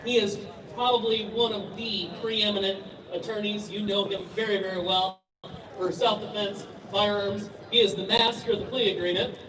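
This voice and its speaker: A middle-aged man with a fairly high voice emcees an outdoor rally, telling jokes and laughing at them. His voice reaches the mic through a stage PA from far off, roomy and echoing, over clear outdoor noise. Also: fairly even intonation, moderate pace. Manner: storytelling, laughs at own jokes. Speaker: rally emcee and gun dealer. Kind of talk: joking stage emcee speech. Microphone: stage microphone heard through PA from afar. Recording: echoey PA sound from far off.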